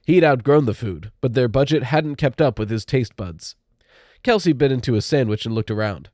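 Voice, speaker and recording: A man narrating a spooky young-adult audiobook in a steady, measured storytelling manner. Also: medium pitch, no echo, clean studio sound.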